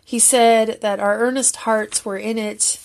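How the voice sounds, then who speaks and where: A woman's voice: fairly high pitch, flat delivery, a little slow, gravelly. A woman giving an emotional, earnest and rambling casual recap of a concert as a fan video creator.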